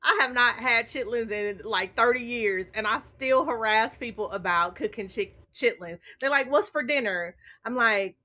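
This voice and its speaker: Female host for loose after-dark live chat; bright, lively delivery straight to the viewers. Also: on the high side, moderate pace, hardly any pauses. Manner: chatty, laughs often, talks straight to viewers. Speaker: livestream host. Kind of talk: casual late-night live chat.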